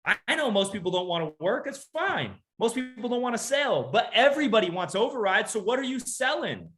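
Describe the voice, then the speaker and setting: A man's voice: high-pitched, big pitch swings, fairly quick, a bit bright. A man as a sales trainer, giving a motivational talk to an audience with punchy rhetorical questions and repeated key lines.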